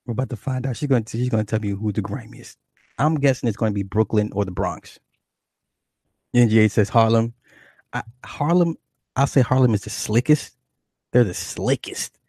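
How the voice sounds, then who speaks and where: Male stream host, low mellow voice, dry close sound, loose rambling chatter with cursing. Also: slightly rough, dry recording. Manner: rambling, profane, reads chat aloud. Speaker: livestream host. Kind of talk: casual chat with viewers.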